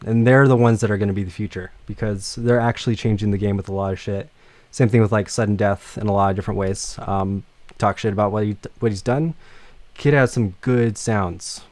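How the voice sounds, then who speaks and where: A man's voice: on the low side, a little mellow, dry recording. A man teaching music production in a casual livestream lecture, rambling with many fillers and some swearing.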